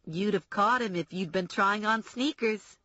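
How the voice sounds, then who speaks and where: A woman doing a loud excitable girlfriend. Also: a little slow, no echo, lo-fi sound. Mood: excited. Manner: high, excited exclamations. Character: brash female friend, loud and excitable.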